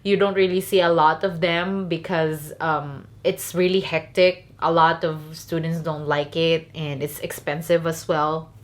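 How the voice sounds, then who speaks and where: A woman's voice: deep voice, flat delivery, measured pace, hardly any pauses. A young woman from the Philippines with a Filipino accent, telling a candid, chatty storytime vlog. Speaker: vlogger.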